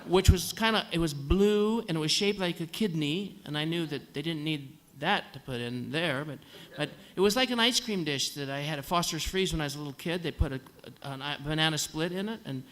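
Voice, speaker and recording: This singer tells the concert audience a dry, humorous story from the stage of a concert hall, doing the voices of the nurses and doctors as part of his comic storytelling. His voice is a little high and a bit bright, brisk with hardly any pauses.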